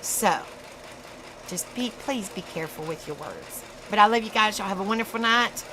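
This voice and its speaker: A woman with a Southern US accent hosting a casual live stream, chatty and laughing at herself often, in a dark room. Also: medium pitch, lively intonation, normal speed, a little hiss or hum, poor audio. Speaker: livestream host.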